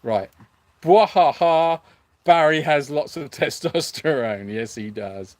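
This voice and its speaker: A man's voice: medium pitch, expressive, measured pace, no room sound. A man hosting a sanctuary livestream, reading viewer comments aloud in a hesitant, self-mocking way with lots of fillers. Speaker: animal sanctuary host.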